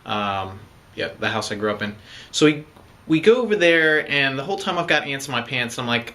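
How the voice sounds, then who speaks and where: A man's voice: medium pitch, expressive, a little fast, sharp tone. A young man casually telling the story of his proposal, rambling with lots of fillers. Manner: rambling, many fillers like "you know" and "um".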